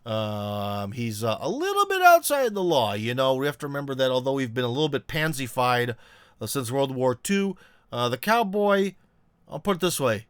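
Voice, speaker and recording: A man running a casual live-stream discussion. He rambles through fillers and joking asides. His voice sits mid-pitch, dry and close to the mic. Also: very animated, normal speed, smooth, no echo. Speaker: host.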